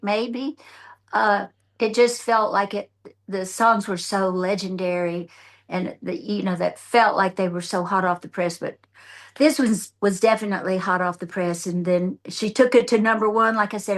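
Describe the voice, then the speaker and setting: An older woman from the United States, a country songwriter and guest, telling a long story in a casual interview, jumping into other people's voices as she goes. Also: medium pitch. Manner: animated, acts out others' voices in her anecdotes. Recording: remote.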